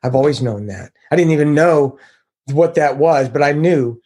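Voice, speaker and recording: A man's voice: on the high side, normal speed. Earnest middle-aged man sharing his recovery. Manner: earnest, confessional, quotes others in lively voices. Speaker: recovery group member sharing his story. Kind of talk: personal recovery testimony.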